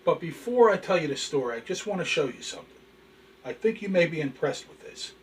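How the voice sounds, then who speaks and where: Trading corny jokes and displaying collectibles, this male host keeps things folksy and chatty, talking a little fast and with plenty of animation. His fairly high-pitched voice comes across slightly far from the mic, with some faint background noise.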